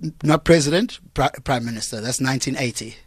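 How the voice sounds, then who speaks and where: Deadpan South African man, dry studio sound. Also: mid-range voice, fast talker, breathy edge, no echo. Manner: deadpan comic storytelling. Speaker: comedian guest. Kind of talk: joking radio interview chat. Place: radio studio. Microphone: studio microphone.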